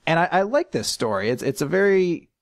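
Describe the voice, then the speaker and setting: A man's voice: a little high, big pitch swings, fairly quick, dry recording, studio quality. A man co-hosting a podcast, giving rambling opinions in casual chat full of tangents and restarts. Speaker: podcast co-host.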